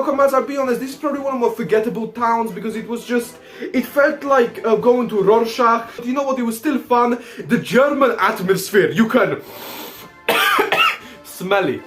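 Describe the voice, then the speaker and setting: High-voiced young man, roomy echo. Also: normal speed. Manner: excitable, swears, says "comrades" in nearly every line. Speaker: vlogger host. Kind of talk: casual travel vlog narration. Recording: roomy echo, faint music behind.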